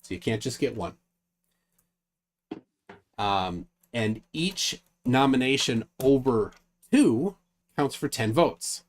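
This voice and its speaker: A man's voice: medium pitch, animated, slow, long pauses. Male host of a casual online stream, reads lists aloud, loose and rambling. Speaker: livestream host. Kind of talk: casual livestream chat.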